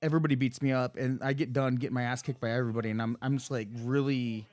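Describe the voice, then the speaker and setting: A man's voice: mid-range voice, fairly even intonation, very fast, darkish tone. A man in his thirties, a podcast guest, telling a long story in casual chat, rambling and swearing with many restarts and fillers.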